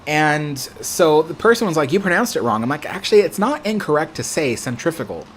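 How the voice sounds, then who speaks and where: On a livestream, an American man answers viewer comments casually, rambling and backtracking to fix what he says. He talks fairly quickly in a sing-song voice on the high side, and the recording carries a faint hiss or hum.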